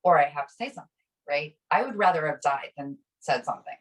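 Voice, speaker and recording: A middle-aged woman co-hosting a casual conversation, telling a personal story with animated delivery and acting out the voices of people she quotes. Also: deep voice, quick pace. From Italian American. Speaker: podcast co-host. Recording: voice a bit distant from the mic.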